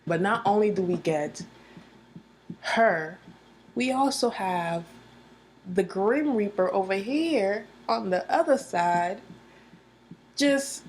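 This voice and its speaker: Lively woman recapping a drama. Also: mid-range voice, slow, pauses often, slight background noise. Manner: animated storytelling, acting out quotes, laughing often; slangy, repeats phrases for emphasis. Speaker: drama reviewer. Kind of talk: casual reaction vlog.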